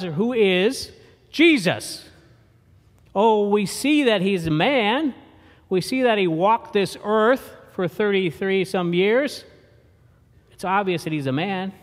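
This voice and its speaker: Slow, emphatic male preacher in a reverberant hall. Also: a little high. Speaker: pastor. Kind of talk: sermon.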